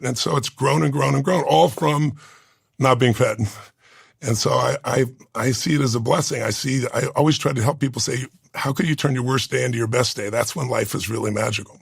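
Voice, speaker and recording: A man's voice: mid-range voice, a little fast, vocal fry, husky, no echo. A man in his sixties telling a personal story in an interview, earnest and heartfelt, close to tears at times. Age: 60s. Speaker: interview guest. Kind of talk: emotional storytelling.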